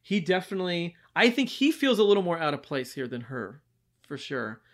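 A man co-hosting a casual film podcast, animated and laughing often as he talks about movies. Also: on the high side, a little fast. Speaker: podcast co-host. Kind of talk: casual movie review chat.

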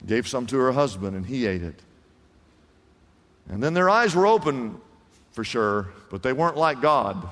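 A man preaching a sermon, swinging between loud, emphatic lines and hushed ones and acting out the voices in the story. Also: medium pitch, very animated, normal speed, pauses often. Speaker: pastor. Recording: hall reverb.

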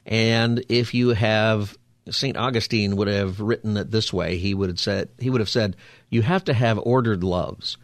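Male talk radio host, low voice, dry studio mic, conversational. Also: steady tone, a little slow, no room sound. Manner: conversational, preachy, upbeat.

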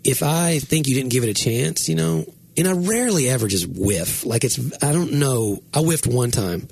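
A man's voice: mid-range voice, animated, moderate pace, creaky, darkish tone, breathy edge. A man co-hosting a podcast, telling a rambling, self-deprecating story in casual chat. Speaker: podcast co-host and writer.

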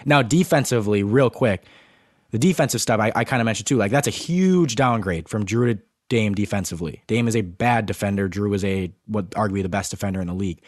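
A young man co-hosting a sports podcast in a fairly low voice. He keeps restarting his sentences and tripping over words. The sound is dry and close. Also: fast, no echo. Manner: stumbling restarts, breathless disbelief. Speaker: podcast co-host. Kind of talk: excited sports podcast chat.

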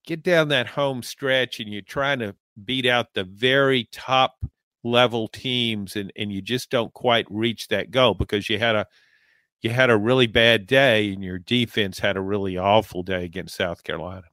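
A man from Louisiana talking as a college football analyst in sports talk, measured and reflective, with frequent fillers. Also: fairly low pitch, pushed and bright, smooth, no room sound, studio quality. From Louisiana, American South.

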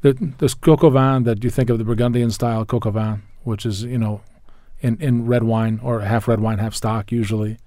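A man's voice: lowish voice, steady tone, normal speed, few pauses, dark tone, no echo, clean studio sound. A man talking food and wine pairings in a casual chat, enthusiastic and rambling, often restarting his sentences and spelling out wine names. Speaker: wine expert guest.

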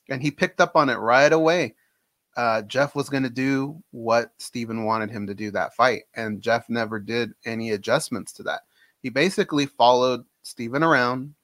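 Relaxed man talking fight sports. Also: mid-range voice, no room sound, clean studio sound. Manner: relaxed, conversational, many fillers. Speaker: co-host. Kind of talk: casual sports talk. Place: home studio.

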